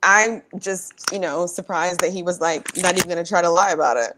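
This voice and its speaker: A woman's voice: on the low side, fairly quick, background noise. A woman co-hosting a casual reality show recap, giving short, dry reactions. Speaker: co-host.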